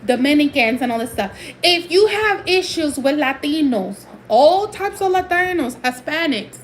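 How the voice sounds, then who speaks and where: A woman's voice: sits high, lively intonation, normal speed, slight background noise, poor audio. A woman from Puerto Rico ranting emphatically in a casual livestream, switching between English and Spanish.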